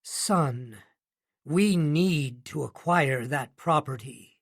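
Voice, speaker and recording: A man's voice: a little high, animated, a little slow, gravelly, dry recording, studio quality, exaggerated voice. A man voicing a bellowing tycoon father. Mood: wheedling. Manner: bellowing, swings to wheedling. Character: volatile middle-aged male tycoon father. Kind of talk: audiobook narration.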